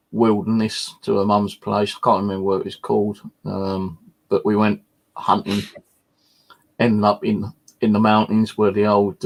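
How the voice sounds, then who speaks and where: A man hosting a live stream, chatting casually and rambling with frequent swearing and fillers. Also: fairly low pitch. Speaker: channel host.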